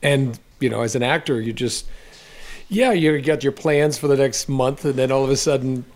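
A man's voice: medium pitch, normal speed, a little mellow. A man hosting a casual chat, rambling through his thoughts with many restarts.

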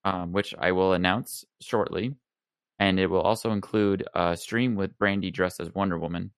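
A man's voice: sits low, steady tone, moderate pace, clear, resonant tone, no echo, studio quality. A man co-hosting a video game podcast, chatting casually and plugging his streaming channel. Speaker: podcast co-host. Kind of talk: casual chat.

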